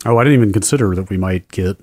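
A man's voice: fairly low pitch, racing, a little mellow, dry recording. A man co-hosting a podcast in casual chat, thoughtful and analytical. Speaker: podcast co-host.

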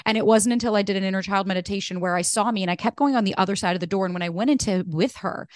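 Woman podcast host, quick and animated, frank, swears easily, dry close sound. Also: mid-range voice, no room sound. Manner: candid, animated, curses freely. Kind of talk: casual chat.

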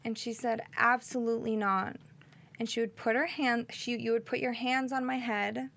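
Supportive woman co-host, quick agreement. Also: a little high, little pitch movement, creaky. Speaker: podcast co-host. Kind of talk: faith-based casual chat.

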